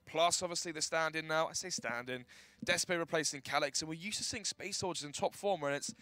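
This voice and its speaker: Fast-talking male esports caster. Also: fairly high pitch, pushed and bright, dry recording. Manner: chatty, quick, talks over his co-caster. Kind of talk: esports desk analysis. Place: studio desk at a live event.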